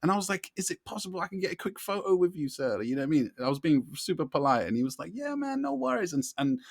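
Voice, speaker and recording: A man tells a story on a casual podcast. He talks in an animated, chatty way, with a slightly higher voice than most men. The sound is close and dry. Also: rapid-fire, no room sound. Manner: animated, keeps saying "you know what I mean". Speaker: podcast co-host.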